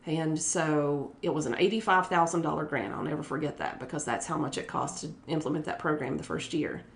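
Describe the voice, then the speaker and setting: A woman's voice: low-pitched, fairly quick, creaky. A middle-aged woman from West Virginia, an elementary school principal, telling her story in a casual, earnest way and briefly voicing the people she quotes. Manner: earnest, lively, voices other people when quoting them.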